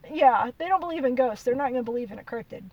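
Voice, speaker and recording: A woman, hosting a podcast and telling a story in a chatty, animated way. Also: sits high, quick pace, far from the mic, muffled recording. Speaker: podcast host. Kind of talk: casual storytelling.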